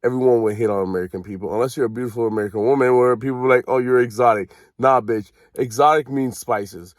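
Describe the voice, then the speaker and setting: A man's voice: medium pitch, fairly even intonation, quick pace, no room sound, clean studio sound. A young man from Canada, ranting casually in a profane, rambling and sarcastic way. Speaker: vlogger.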